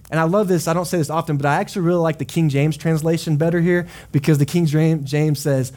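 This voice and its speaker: Mellow-voiced impassioned male pastor. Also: on the high side, brisk. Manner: impassioned, repetitive preaching cadence; casual asides and exclamations. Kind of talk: sermon.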